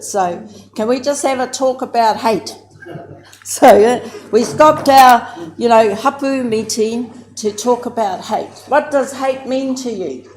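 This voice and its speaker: A woman from New Zealand with a New Zealand accent, giving a reflective talk. She searches for words and turns lively and amused when she tells stories. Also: a little high. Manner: thoughtful, searching for words, many "you know"s. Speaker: speaker at a research gathering.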